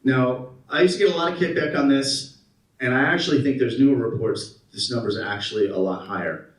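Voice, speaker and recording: A man's voice: mid-range voice, brisk. Guy in his 30s doing a keynote in a big echoey hall, kinda far from the mic, tells stories and quizzes the crowd. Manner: animated storyteller who quizzes the audience. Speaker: keynote speaker. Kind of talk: conference keynote talk. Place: conference hall. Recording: roomy hall, mic at a distance.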